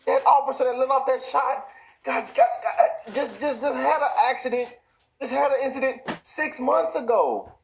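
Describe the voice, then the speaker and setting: A man's voice: very high-pitched, animated, normal speed, gravelly, rough recording. A man, hosting his own show and ranting in heated, repetitive commentary full of restarts. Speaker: show host. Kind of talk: impassioned commentary.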